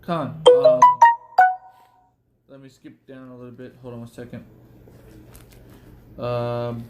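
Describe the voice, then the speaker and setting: A man's voice: mid-range voice, level tone, slow pace, warm tone, faint music behind. A man talking casually and reading scripture verses aloud with rising emphasis. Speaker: scripture reader.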